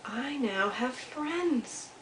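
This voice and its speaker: A woman voicing a small, lonely young male beaver in a storybook reading, with a high, eager manner. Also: animated, extremely slow, a little hiss or hum, heavily acted. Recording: echoey room, mic far off.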